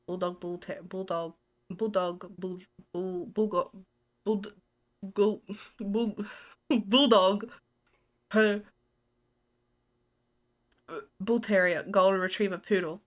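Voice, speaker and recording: A woman's voice: mid-range voice, steady tone, slow pace, pauses often. A woman streamer with an Australian accent, giving live commentary on a horror game in a jumpy, giggly way, squealing and muttering to herself.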